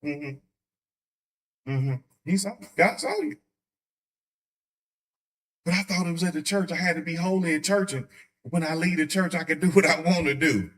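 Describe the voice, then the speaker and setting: Man preaching in a church, playful and animated, bright tone, pitched a little high. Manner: joking, animated, acts out quick voices. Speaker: pastor teaching Bible study. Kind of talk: conversational sermon. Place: church sanctuary.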